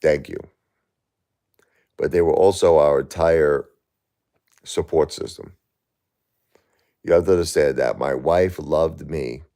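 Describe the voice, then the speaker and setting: Very deep gravelly grieving man. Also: unhurried, long pauses, dark tone. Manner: impassioned, repetitive, arguing with a chat viewer. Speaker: livestream host. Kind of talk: emotional livestream chat.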